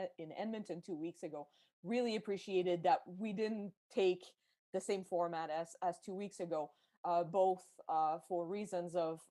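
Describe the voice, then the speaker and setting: Careful, mellow-voiced woman commentator. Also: lowish voice. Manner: careful, diplomatic, many hesitations. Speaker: podcast guest commentator. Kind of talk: political commentary.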